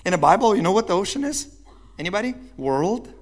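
A man with a notably high-pitched voice delivers a sermon as the church's pastor. He tells his story with lively energy and keeps turning to the congregation with questions. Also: a little fast.

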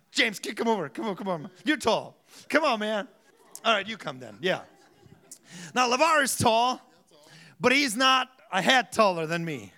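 A man preaching a sermon as a pastor, telling self-mocking stories, laughing often and rising to loud bursts. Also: very high-pitched.

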